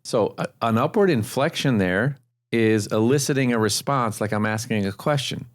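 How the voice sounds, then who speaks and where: A man's voice: medium pitch, normal speed. A man co-hosting a sales podcast, coaching listeners in an explanatory way and repeating points for emphasis. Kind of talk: podcast discussion.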